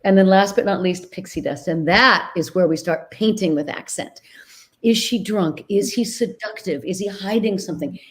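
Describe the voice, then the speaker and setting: A woman dialect coach talking in a casual interview, earnest and animated as she tells stories, over a video call mic. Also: mid-range voice, moderate pace. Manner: animated, earnest storyteller with sudden bursts of laughter. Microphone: video call microphone.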